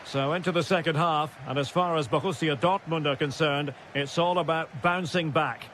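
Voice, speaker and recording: A man with a higher-pitched, steady voice delivers recorded play-by-play for a football video game at a moderate pace. Crisp name calls rise into shouted goals, and there's slight background noise.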